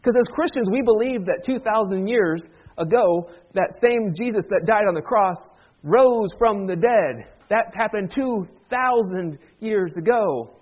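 A pastor with a high, light voice delivers a relaxed Easter-season sermon, teasing and joking with his congregation. He talks conversationally and pulls the room into call-and-response. The recording is dull and lo-fi. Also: a little slow. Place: church sanctuary.

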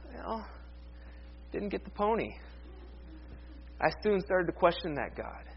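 High-voiced man preaching a sermon. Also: highs cut off. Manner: conversational, animated, with playful paraphrases. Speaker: pastor.

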